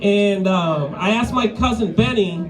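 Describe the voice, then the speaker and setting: Male stand-up comic, high-pitched, crude and profane, laughs at his own punchlines, live club set. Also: measured pace, poor audio. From Maine, USA. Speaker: stand-up comedian. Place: live comedy venue.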